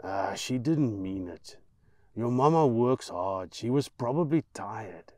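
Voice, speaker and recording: A man voicing a big, burly, hungover man who is gruff but kind, grunting loudly. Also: mid-range voice, animated, slow, no room sound. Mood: kindly reassuring.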